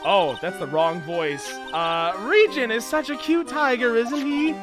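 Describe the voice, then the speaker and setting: A man's voice: very high-pitched, a little slow, music in the background. A man voicing a cheerful, carefree young female animal tamer in a video game. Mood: breezy.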